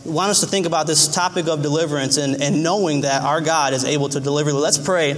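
A man's voice: quick pace, a bit bright, in a large hall. A man preaching a sermon in an earnest way, often repeating his phrases. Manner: earnest, repeats phrases, acts out cries in a high voice.

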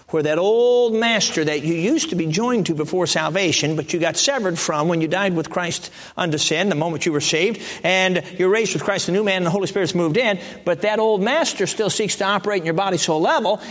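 A man preaching a sermon in a conversational way, jumping to emphatic high peaks and then dropping to soft, hushed lines. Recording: long reverb of a large hall.

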